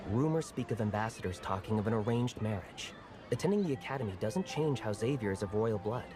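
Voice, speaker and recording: A guy doing a smooth meddling knight friend, bouncy lively pitch, music under it. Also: fairly quick, natural voice.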